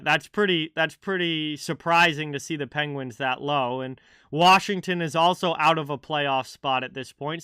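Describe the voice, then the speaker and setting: A man's voice: fairly high pitch, sharp tone, clear, resonant tone, no room sound, clean studio sound. A man hosting a live hockey stream, chatting casually about the standings and answering viewers by name. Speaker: livestream hockey host. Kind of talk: casual live-chat commentary.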